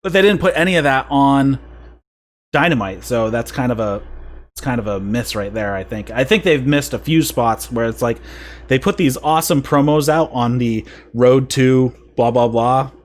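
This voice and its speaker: A man's voice: medium pitch, lively intonation, moderate pace. A man hosting a podcast, casually recapping wrestling events at length and chuckling at the funny bits. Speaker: podcast host. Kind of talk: casual wrestling review chat.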